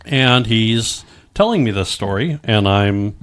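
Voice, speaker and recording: A man's voice: fairly low pitch, lively intonation, slow, fairly bright tone, clear, resonant tone. A middle-aged man telling his own story in casual chat, rambling with many stammered restarts and frequent swearing.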